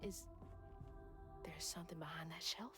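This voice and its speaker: An actress voicing a young woman exploring a spooky mansion in a video game, speaking in a hushed, uneasy way. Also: low-pitched, fairly even intonation, normal speed. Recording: game audio over loud music. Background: loud game music.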